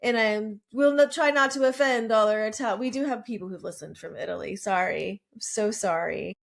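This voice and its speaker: A woman in a middle-pitched voice co-hosts a casual podcast. She talks in a chatty, self-deprecating way and reads facts aloud between asides. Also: moderate pace, vocal fry. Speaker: podcast co-host presenting lore. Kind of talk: casual podcast recap chat.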